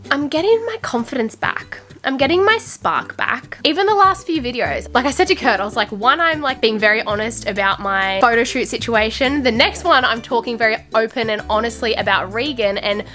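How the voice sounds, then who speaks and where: A woman's voice: fairly high pitch, lively intonation, fairly quick, hardly any pauses, sharp tone, faint music behind. A young Australian woman vlogger having a candid, earnest chat to camera, confiding and full of "I feel like".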